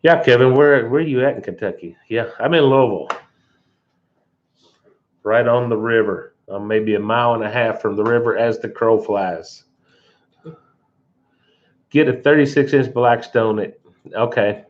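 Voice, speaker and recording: A man hosting a casual livestream in a relaxed way, reading viewer comments aloud and answering them. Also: mid-range voice, normal speed, long pauses. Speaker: livestream host. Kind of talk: casual live chat. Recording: dull lo-fi livestream audio.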